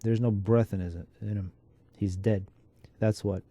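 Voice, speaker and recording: A man's voice: fairly low pitch, fairly even intonation, measured pace, mellow. A man reading the part of an irritable young soldier who scolds the people around him. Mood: angry.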